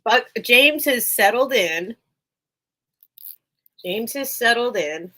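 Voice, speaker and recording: A woman's voice: on the high side, expressive, takes it slowly, sharp tone, poor audio. A woman hosting a casual live-stream sale, chatty and rambling, laughing often while recovering from being unwell.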